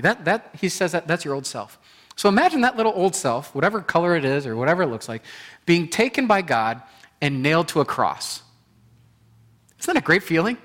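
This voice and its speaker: A man preaching a sermon in an animated way, acting out inner voices and repeating phrases for emphasis. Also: fairly high pitch, brisk. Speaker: pastor.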